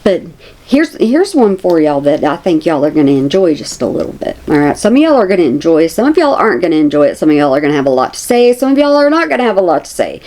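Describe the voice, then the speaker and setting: A woman's voice: low-pitched, very animated, fast, warm tone. A woman, chatting casually to her viewers as a commentary vlogger, repeating herself for emphasis.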